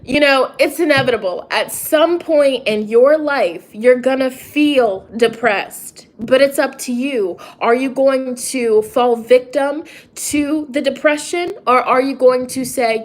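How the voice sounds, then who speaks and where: Speaking slowly with few pauses, a young woman with a high-sitting voice livestreams casually from her phone as a tarot reader and spiritual coach. She's chatty, tends to preach, and often interrupts herself.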